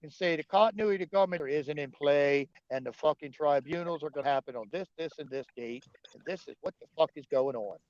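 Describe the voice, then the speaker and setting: A livestream host with a highish, darkish voice rants angrily at a quick clip with hardly any pauses, swearing often and arguing with his chat. The heated, profane tirade comes through as dull, dry lo-fi stream audio.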